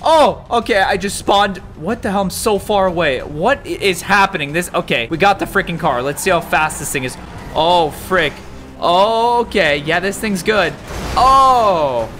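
A man narrating his gameplay in a fairly high voice that swoops up and down with every twist. He talks in an excited, jumpy way and breaks into yelps and shouts when something surprises him. Faint background music runs under his voice. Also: a little slow. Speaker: gaming YouTuber.

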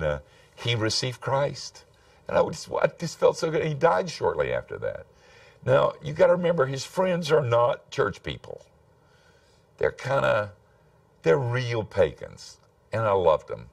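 A man's voice: lowish voice, gravelly, no echo, far from the mic. An older man, telling stories in a folksy, self-deprecating sermon. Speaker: preacher. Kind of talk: storytelling sermon.

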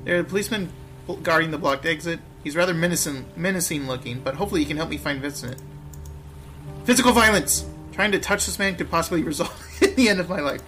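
A man's voice: fairly high pitch, fast talker, fairly bright tone, soft background music. A man playing a story game, reading its lines and adding wry asides to himself. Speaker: game player. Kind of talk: let's play commentary and reading game text.

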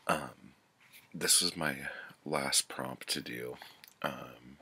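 Super low gravelly guy doing a chill book review, slow and rambly, says like a lot, swears. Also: sharp tone. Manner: loose and chatty, full of "like" and "um", swears freely.

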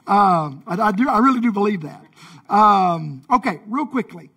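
A man's voice: sits high, lively intonation, normal speed, sharp tone, husky. A man preaching a sermon in a conversational, folksy way, with playful asides. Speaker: pastor. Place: church sanctuary.

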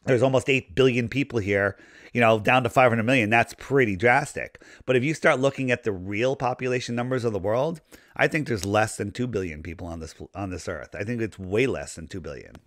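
A man speaking as a podcast guest in casual conversation, talking in a rambling, animated way as he loses his voice. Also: mid-range voice, brisk, no echo, studio quality. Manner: rambling, animated conspiracy talk. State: losing his voice.

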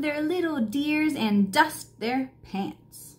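Playful woman reading a children's book slowly. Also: a little high. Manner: playful, expressive, drops to whispers and rises in excitement. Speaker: children's storybook reader. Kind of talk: reading a picture book aloud to kids.

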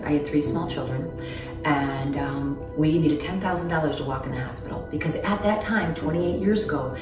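Low-voiced woman, roomy and distant. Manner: earnest, halting, many ums. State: close to tears. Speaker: interviewee. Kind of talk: emotional personal testimony. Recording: roomy distant mic with music.

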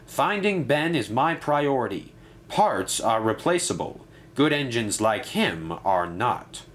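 Storybook authority: man voicing a stern railway boss, formal and lively. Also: medium pitch, takes it slowly. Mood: grave. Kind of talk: storybook narration.

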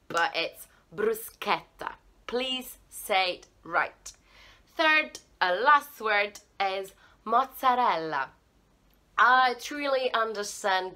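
Bright-voiced Italian woman teaching slowly. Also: medium pitch. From Italy. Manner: animated, playful, exaggerated word drills. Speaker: language video host. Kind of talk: casual teaching vlog.

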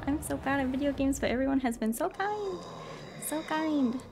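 A woman with a high voice and lively intonation talks at a moderate pace during a gaming live stream, the background noisy with game music. She keeps the chat casual and bubbly, apologizing and saying hi to viewers by name.

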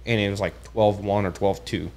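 Young man, fairly low voice, laid-back, casual podcast chat, says "dude" a lot, acts out quotes. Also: fairly even intonation, moderate pace, a little mellow. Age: young adult. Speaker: podcast guest, tournament angler.

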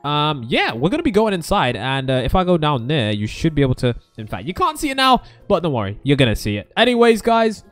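A young man hosting a gaming video, energetic and rambling, with a jokey let's-play commentary manner. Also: on the high side, brisk, few pauses, faint music behind.

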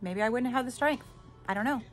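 Over soft background music, a middle-aged woman hosts a podcast and tells a personal story candidly and emphatically, speaking straight to her listeners and swearing casually. Her voice is on the high side and her pace is quick.

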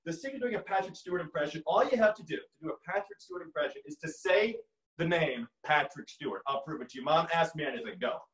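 A man's voice: fairly high pitch, expressive, fast talker, a bit bright, echoey room, low-quality recording. Young man with a radio-announcer voice. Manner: radio-like announcer voice, dry joking. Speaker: comedian. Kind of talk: stand-up impressions set. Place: at home, filmed by his mother.

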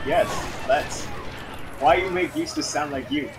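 A man's voice: fairly high pitch, a little slow, noisy background. A man co-hosting a gaming podcast, teasing and bantering with the player. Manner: teasing, laughs often. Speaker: podcast co-host. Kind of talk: casual banter.

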